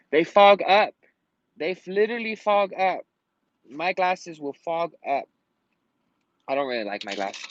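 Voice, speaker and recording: A frustrated man rambles to camera in a slightly high, lively voice, swearing freely as he vents. The sound is dry and close, with a dull, lo-fi quality. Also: no echo. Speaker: vlogger. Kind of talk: casual rant to camera. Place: at home in Colorado.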